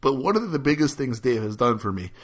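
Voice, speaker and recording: A man's voice: mid-range voice, very animated, fairly quick. A man chatting casually as a podcast host, telling a rambling story with many restarts and frequent laughs. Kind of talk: casual chat.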